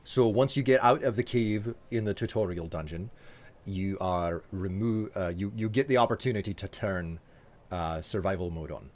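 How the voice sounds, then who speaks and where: Scottish man, live streamer, lowish voice, rambling chat to viewers, hesitant ums. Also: moderate pace, a little mellow. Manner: chatty, answers viewer messages with hesitant fillers and laughs.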